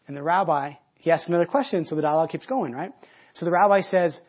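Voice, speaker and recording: A man's voice: sits high, a little fast, lo-fi sound. A man preaching a sermon, telling a story in a conversational way with many restarts and repeated words.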